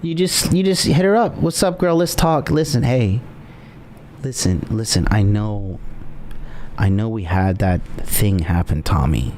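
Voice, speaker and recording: A man hosting reaction commentary, crude and excitable, stammering through his points. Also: fairly low pitch, a little slow, a little hiss or hum. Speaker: host.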